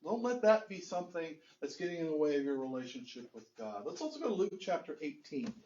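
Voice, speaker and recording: Earnest preaching pastor, slightly high voice. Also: male voice, big pitch swings, quick pace, darkish tone, lo-fi sound, a little hiss or hum. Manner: earnest, rhetorical questions, chuckles often. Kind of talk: sermon. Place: church sanctuary.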